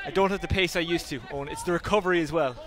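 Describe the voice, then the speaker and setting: Over a crowd, an Irish man with a fairly high voice calls live hurling from a commentary position at an outdoor ground, slightly out of breath. His play-calling is brisk, with self-deprecating asides, on a noisy stadium feed.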